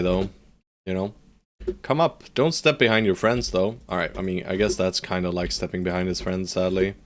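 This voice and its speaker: A man streaming live gameplay, joking and talking to his units with loud jumps on exclamations. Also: low-pitched. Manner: playful, jokey, talks to his units.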